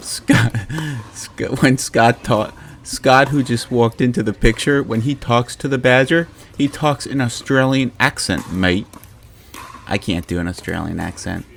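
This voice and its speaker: A man giving casual play-by-play commentary on amateur game footage, calling scores and chuckling often in a relaxed, joking way. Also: mid-range voice, measured pace, vocal fry, a little hiss or hum. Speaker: pickleball commentator.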